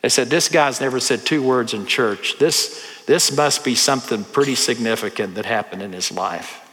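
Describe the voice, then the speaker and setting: A man's voice: mid-range voice, normal speed, fairly bright tone. Man, pastor, folksy storytelling sermon, acts out voices, long hall reverb.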